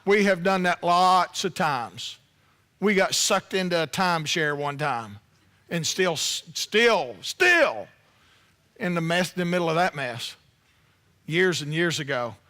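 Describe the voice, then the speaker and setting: A man delivers a sermon in a high, bright voice. He preaches in a loose, conversational way and keeps turning to the congregation with playful asides. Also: measured pace. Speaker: pastor.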